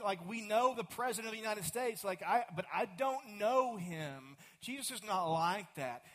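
Texan pastor preaching with dramatic swings. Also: male voice, sits high. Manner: dramatic swings from loud to hushed, slow drawn-out emphasis. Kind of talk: sermon.

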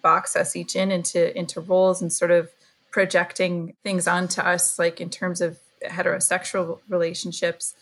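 A woman's voice: on the low side, monotone, normal speed. A woman in her thirties, a parent talking candidly as a podcast guest, with many fillers and laughs. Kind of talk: casual conversation.

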